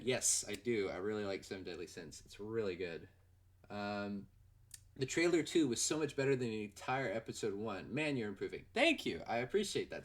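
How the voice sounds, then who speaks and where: A young man hosting a casual livestream Q&A, rambling and excitable with lots of fillers. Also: medium pitch. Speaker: livestream host and animator.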